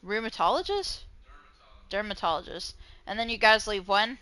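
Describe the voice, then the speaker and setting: A woman streams a game with casual, excitable commentary, swearing freely and laughing often. Her voice is bright and sharp at a middle pitch. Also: fast, clear, resonant tone, no room sound.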